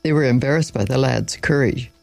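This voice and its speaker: A man's voice: mid-range voice, brisk, gravelly, poor audio. A man reading a Bible story aloud in an informal way, with small slips and asides along the way.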